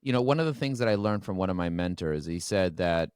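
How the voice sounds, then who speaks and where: Standing as he talks, a business owner guests on a podcast and speaks openly and emotionally in candid interview talk, often restarting his sentences. His low-pitched voice is animated, quick, and darkish, recorded in clean studio sound with no echo.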